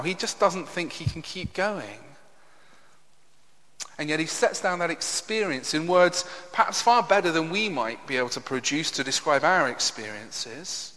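A man's voice: a little high, a bit bright. A man preaching a sermon, earnest and emphatic, often asking the listeners rhetorical questions. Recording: long reverb of a hall.

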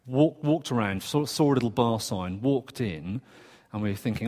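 A man delivers a sermon in an earnest, conversational way, stopping for quick asides and restarting his phrases as he goes. His voice sits in an ordinary middle register. The recording carries the long, lingering reverb of a church hall. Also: mid-range voice, lively intonation, a little mellow. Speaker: preacher.

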